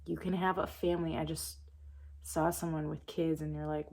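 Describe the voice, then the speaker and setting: Low, gravelly-voiced woman channeling calmly. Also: normal speed. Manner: calm, soft-spoken and meditative. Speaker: spiritual reader. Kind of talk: channeled spiritual message.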